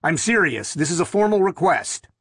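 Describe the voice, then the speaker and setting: A man's voice: fairly high pitch, very animated, moderate pace, a bit bright, breathy edge, no room sound, studio quality, pitched above the performer's own voice, full character voice. A man reading the lines of a tired, fed-up police officer on night duty in an audiobook. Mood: weary. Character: weary adult male police officer on night patrol.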